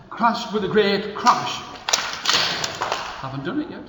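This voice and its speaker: A high, lively male storyteller who leads children through a folk tale, coaxing them to do the actions with him. His voice swings widely in pitch, and it rings through a school hall with a long echo and faint room noise. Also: takes it slowly. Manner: animated, coaxing the audience to join in with actions.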